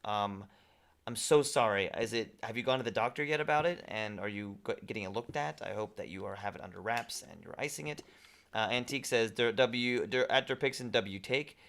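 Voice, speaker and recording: Bright-voiced man hosting a game stream. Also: mid-range voice, a little fast, gravelly. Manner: reads viewer chat aloud and replies conversationally. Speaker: livestream host. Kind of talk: casual gaming stream chat.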